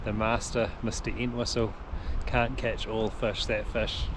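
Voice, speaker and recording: A man's voice: lowish voice, flat delivery, a little slow, noisy background. A man with a New Zealand accent giving running commentary while fishing outdoors. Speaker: host of a fishing show. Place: outdoors by a river, windy.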